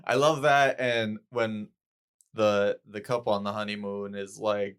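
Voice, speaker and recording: A man's voice: fairly low pitch, little pitch movement, a little slow, a bit bright, clear, resonant tone. A man co-hosting a podcast, chatting casually and laughing a lot as he acts out movie lines. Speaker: podcast co-host. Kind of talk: casual chat.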